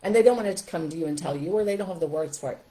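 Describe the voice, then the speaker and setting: An older woman teaching a live video lesson as a parenting coach, animated and chatty. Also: lowish voice, rapid-fire.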